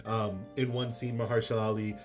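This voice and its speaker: A man's voice: lowish voice, little pitch movement, fairly quick, music in the background. A man giving a casual spoken movie review, rambling with many fillers and exasperated asides.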